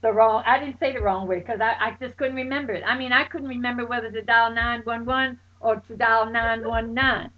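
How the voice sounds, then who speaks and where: High-voiced woman telling a wild story. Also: fairly even intonation, fairly quick, hardly any pauses. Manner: exclaims loudly, acts out friends' voices. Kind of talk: animated personal anecdote. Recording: dull lo-fi recording.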